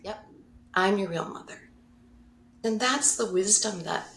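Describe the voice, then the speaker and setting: On a podcast, a female guest who is a mindfulness facilitator recounts a personal story with open emotion, laughing a lot and fixing her words as she speaks. Her voice is on the low side and fairly bright, with roomy echo and a little hiss or hum.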